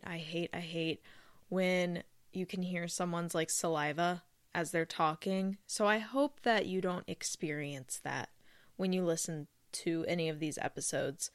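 A woman's voice: lowish voice, dry recording. A woman hosting her own podcast, chatting casually and rambling off topic while speaking close to a microphone. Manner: rambling, chatty, self-deprecating. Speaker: podcast host. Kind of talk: casual solo podcast chat. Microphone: close studio microphone.

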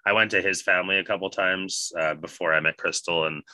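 A man casually telling a profane, animated party story with bursts of laughter. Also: low voice, brisk, no echo.

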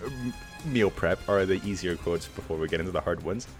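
Young man, very deep voice, casual podcast host, teasing, laughing. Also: fairly quick, faint music behind. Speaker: podcast host running a quiz game. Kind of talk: casual chat.

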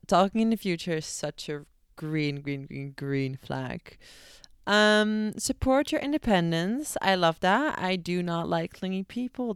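A woman's voice: fairly low pitch, clear, resonant tone, no echo, clean studio sound. A young American woman hosting a podcast, chatting bluntly and casually and swearing freely. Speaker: podcast host. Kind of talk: casual chat.

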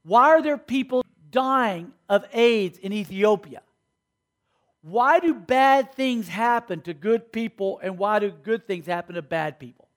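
A man's voice: sits high, animated, measured pace. A man preaching a sermon to a school audience, often stopping to ask the listeners questions and check that they follow. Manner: asks the audience questions, call and response. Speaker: speaker at a school.

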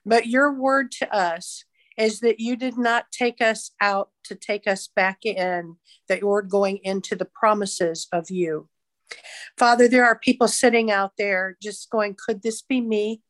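A woman's voice: mid-range voice, steady tone, unhurried, dry recording. A woman evangelist, a podcast guest, leading a fervent, rhythmic spoken prayer. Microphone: podcast mic.

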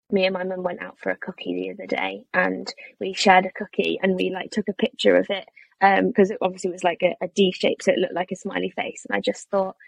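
A woman's voice: on the low side, gravelly, no room sound, rough recording. A woman hosting a podcast, talking in an encouraging, reflective way. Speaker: podcast host. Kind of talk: casual conversation.

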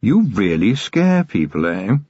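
Male reader as a calm, friendly, dangerous butler-brawler, lively and husky, muffled audiobook sound. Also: low voice, extremely slow, no echo, voice pushed down, exaggerated voice. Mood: cheerful menace. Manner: chatty, friendly, quietly threatening. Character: cheerful menacing male manservant, street fighter.

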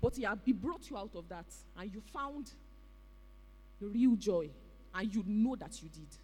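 A preacher with a Nigerian accent delivering an animated, exclamatory sermon in a church hall. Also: mid-range voice, a little slow. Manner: animated, exclamatory, with pidgin interjections. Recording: reverberant hall.

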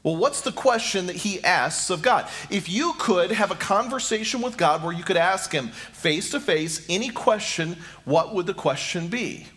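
A man's voice: sits high, expressive, moderate pace, few pauses, fairly bright tone. A middle-aged man preaching a sermon as pastor, repeating rhetorical questions and speaking straight to his listeners.

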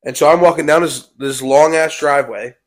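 A man's voice: on the high side, brisk. A young man telling a personal story in a casual vlog. He rambles and keeps repeating "I was like.". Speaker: vlog co-host.

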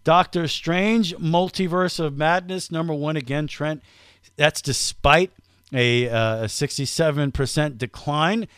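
A man hosting a podcast in casual chat, talking fast and teasing his co-host. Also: fairly high pitch, fairly bright tone, clean tone, dry recording, studio quality.

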